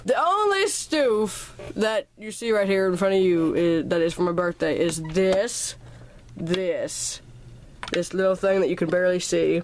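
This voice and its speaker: A woman's voice: lowish voice, animated, normal speed, a little mellow. A teenage girl vlogging at home about her birthday presents, chatty and rambling, a little sick and slightly out of breath, recorded on a camera's built-in mic in her bedroom. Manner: rambling, chatty, points at items one by one. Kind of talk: casual birthday haul vlog.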